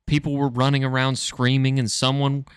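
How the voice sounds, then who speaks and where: A man with a smooth, resonant voice at a middle pitch reads a choose-your-own-adventure story aloud for his podcast. He stumbles over words now and then and laughs through them, and the sound is dry and close. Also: completely flat delivery, normal speed, no echo. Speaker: podcast co-host reading a story.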